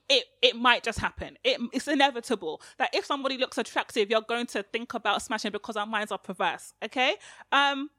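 A woman's voice: on the high side, bright, forceful tone, dry recording, studio quality. A woman co-hosting a podcast, talking frankly and animatedly with slang and frequent laughter. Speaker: podcast co-host. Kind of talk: candid casual podcast chat.

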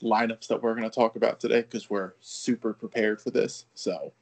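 A man's voice: lowish voice, steady tone, normal speed. Easygoing joking man as a podcast guest. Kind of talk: casual sports podcast chat.

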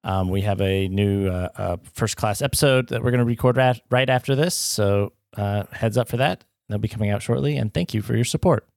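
A young man co-hosting a podcast in casual chat, quick to laugh and joke. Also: lowish voice, gravelly, darkish tone, no echo, clean studio sound. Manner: laughs easily, playful quips. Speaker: podcast co-host.

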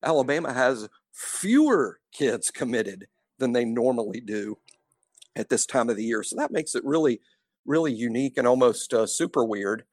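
A man's voice: mid-range voice, expressive, moderate pace, darkish tone, no echo, studio quality. A man co-hosting a casual sports podcast, explaining his points in a conversational way and stressing the key facts. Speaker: podcast co-host.

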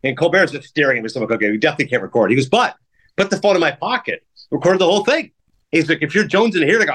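A middle-aged man hosting a podcast, telling casual stories at a rapid clip and acting out what people said. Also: sits high. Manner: rapid, animated anecdotes with acted-out quotes. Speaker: podcast host. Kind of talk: casual storytelling chat.

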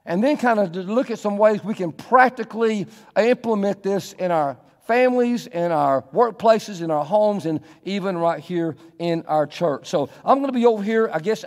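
A man's voice: high voice, a little mellow. A male pastor preaching a conversational, earnest sermon in a church, asking his congregation questions. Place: church sanctuary. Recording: long church reverb.

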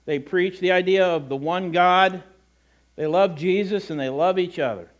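Middle-aged male pastor, high voice, chatty sermon style, slightly dull lo-fi sound. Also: normal speed. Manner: conversational, self-deprecating asides and repetitions.

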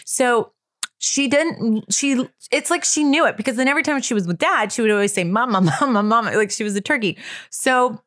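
A woman chatting as a parent guest, telling family stories with lively animation. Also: high-pitched, brisk, no room sound, clean studio sound. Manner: animated storyteller who acts out quotes. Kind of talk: casual chat.

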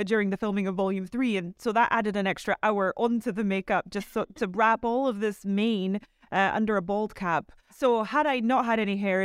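A woman's voice: medium pitch, dry recording, studio quality. A woman actor being interviewed, chatting casually with easy laughs and lots of fillers. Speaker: actor guest.

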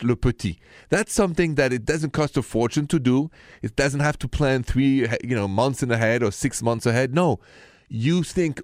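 A man's voice: mid-range voice, dry recording, clean studio sound. A man, hosting a call-in radio advice show, explaining things and teasing what comes next. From France. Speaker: radio relationship advice host.

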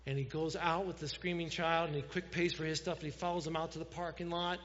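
A man's voice: on the high side, flat delivery, fast talker, a bit bright. A man preaching a sermon, telling stories and speaking straight to the fathers in his audience. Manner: storytelling, addresses fathers directly. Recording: dull lo-fi sound with long hall reverb.

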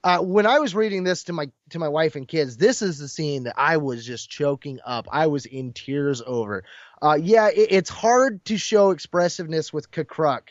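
High-voiced man retelling a comic emotionally. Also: moderate pace, no echo. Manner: emotional and animated retelling, acting out lines. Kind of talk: casual chat about a comic. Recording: dull lo-fi dry sound.

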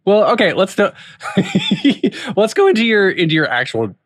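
A man's voice: high voice, moderate pace, no echo, clean studio sound. A man from North Carolina hosting a casual podcast, joking and restarting his sentences. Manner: animated, joking, many restarts. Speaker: host.

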